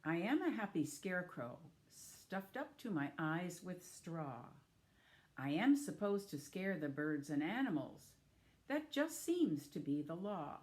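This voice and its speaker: A woman voicing a cheerful talking scarecrow stuffed with straw, reciting in quick, bouncy rhyme. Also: fairly low pitch, sing-song, darkish tone.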